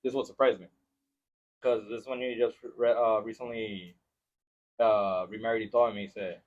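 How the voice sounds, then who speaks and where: A man hosting a podcast in casual chat, mixing English and as he tells animated stories. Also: fairly low pitch, normal speed. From Mexico-Texas border region. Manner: switches between English and Spanish, animated storytelling. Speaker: podcast host. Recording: lo-fi podcast recording.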